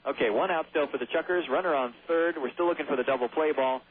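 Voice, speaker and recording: A man's voice: on the high side, fast talker. A man calling baseball play-by-play on the radio, chatty and given to jokey asides. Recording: tinny phone-like radio broadcast.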